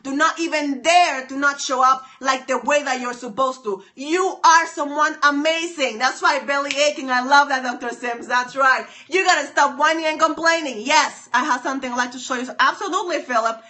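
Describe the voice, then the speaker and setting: A woman live-streaming from her phone, giving an excited, emphatic motivational talk full of repeated lines. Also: high voice, normal speed, few pauses. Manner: emphatic, repetitive, preachy. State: excited and sweaty.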